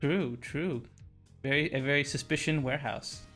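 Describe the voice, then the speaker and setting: A man's voice: a little high, normal speed, fairly bright tone, faint music behind. Giggly, playful male streamer. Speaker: streamer host. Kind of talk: casual chat.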